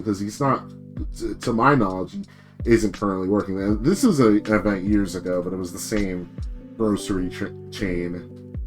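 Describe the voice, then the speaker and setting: Man streamer, casual rant, rambling and profane, lowish voice, faint guitar music behind. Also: fairly bright tone. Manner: rambling, profane, self-deprecating. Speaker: VTuber streamer. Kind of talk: casual ranting storytelling.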